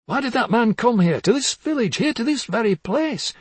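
A man's voice: very high voice, lively intonation, moderate pace, breathy edge, no room sound, voice pushed up, exaggerated voice. A man reading as a bitter, jealous husband. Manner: bitter, accusing, swings from hushed to harsh. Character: bitter, jealous older husband, bullying and weary. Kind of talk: dramatic audiobook reading.

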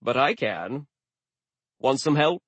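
A man's voice: medium pitch, very animated, takes it slowly, breathy edge, no room sound, heavily acted. A man voicing a cheerful, grandfatherly male sea god who talks in a breezy, jovial way.

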